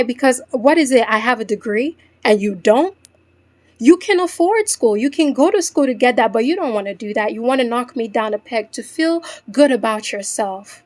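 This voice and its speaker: A woman with a fairly high voice talks straight to her female listeners in a faceless vlog. She is earnest and repetitive, stacking up phrases for emphasis. Her encouraging tone rests on her faith. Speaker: faceless vlogger speaking to women. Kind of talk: heartfelt motivational chat.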